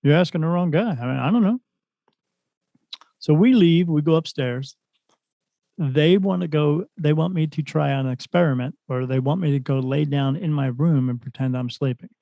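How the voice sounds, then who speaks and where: A man's voice: a little high, normal speed, gravelly, no echo, lo-fi sound. A man telling a story as a podcast guest, a spirit medium, retelling events animatedly and acting out other people's lines. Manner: animated retelling, acts out quoted voices. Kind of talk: casual storytelling.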